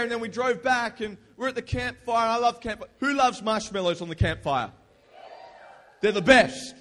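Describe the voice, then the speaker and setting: A young man preaching a lively youth sermon, telling casual stories and prompting the crowd. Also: high-pitched. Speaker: youth pastor. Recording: long hall reverb.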